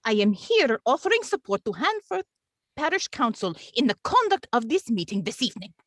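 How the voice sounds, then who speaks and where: Una mujer interpreta a una secretaria de consejo parroquial, educada y firme, con un acento ruso exagerado a propósito. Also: female voice, fairly high pitch, sing-song, fairly quick, fairly bright tone, dry recording, studio quality, pitched above the performer's own voice. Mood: firm. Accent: deliberately bad Russian accent. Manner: polite, procedural, firm. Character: prim female parish clerk, calm and unyielding. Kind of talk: comic re-enactment.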